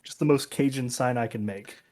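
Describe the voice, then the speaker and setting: A man's voice: mid-range voice, normal speed, a little mellow. A man playing a tabletop game, loose and joking in casual talk. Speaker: player.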